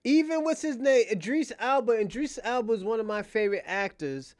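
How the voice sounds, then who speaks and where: A man's voice: very high voice, fairly quick, few pauses, no echo. A man hosting casual commentary, talking bluntly with profanity. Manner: blunt, profane, animated storytelling. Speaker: host.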